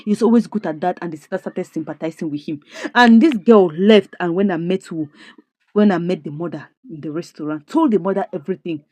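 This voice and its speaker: A woman who recaps a drama series in an expressive, indignant way, full of rhetorical questions. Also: on the low side, a little fast, no echo. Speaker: series reviewer. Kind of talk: animated story recap.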